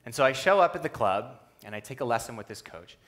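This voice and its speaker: A young man giving a talk on a stage, telling a personal story with humor and an animated delivery. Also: fast. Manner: animated, humorous, acts out quotes in a lowered voice. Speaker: speaker at a youth conference talk. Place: stage before a live audience.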